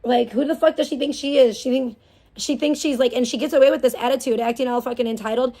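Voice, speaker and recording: A woman's voice: sits high, fairly even intonation, fast, dark tone. A woman live streamer ranting angrily, profane and scornful, with a mocking edge.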